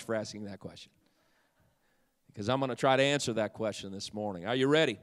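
A man's voice: fairly low pitch, quick pace. A man preaching a playful sermon to a congregation, joking at first and then rising into fervent proclamation. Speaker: pastor. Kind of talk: humorous sermon. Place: church sanctuary. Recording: long reverb in a church hall.

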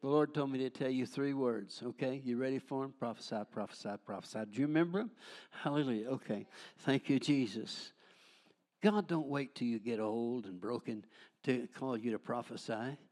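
A man's voice: mid-range voice, normal speed, darkish tone. An older man preaching a charismatic sermon, fervent and folksy, breaking into frequent hallelujahs and jokes.

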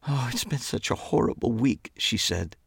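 A man reading an audiobook and voicing a grieving woman who speaks softly through tears. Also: mid-range voice, animated, moderate pace, gravelly, breathy edge, dry recording, clean studio sound, voice pushed up, full character voice. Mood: sad, weary. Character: grieving tearful woman, soft-spoken. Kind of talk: audiobook character voice.

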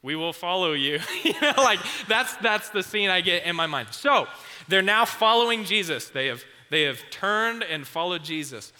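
A youth pastor giving a casual, chatty sermon and acting out the scenes. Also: male voice, high voice, lively intonation, normal speed, sharp tone, in a large hall. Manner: chatty and conversational, acts out scenes.

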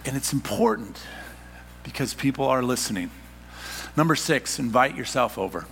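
A middle-aged man preaching a sermon as a pastor, animated and exclamatory, often stammering and repeating words as he presses his points. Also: medium pitch, normal speed, vocal fry, long reverb tail, a little hiss or hum.

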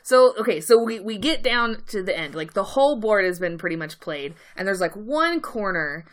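Animated, bright-voiced young woman telling a story. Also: mid-range voice, moderate pace. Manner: animated, swears freely, gets loud and laughing when worked up. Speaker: podcast co-host. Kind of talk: casual storytelling chat.

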